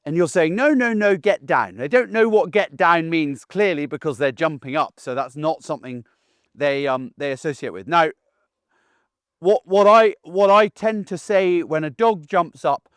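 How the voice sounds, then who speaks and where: Man, middle-aged, dog trainer, instructional talk, higher voice, dry sound, assertive, down-to-earth. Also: moderate pace, clear, resonant tone, no room sound. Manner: plain-spoken, assertive, down-to-earth; checks in with frequent "okay?".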